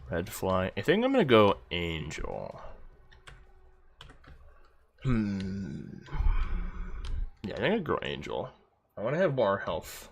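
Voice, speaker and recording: A man's voice: low-pitched, huge pitch swings, slow, gravelly, pauses often, a little hiss or hum. A man streaming a game, rambling casually between gameplay remarks and answers to chat, often distracted and swearing.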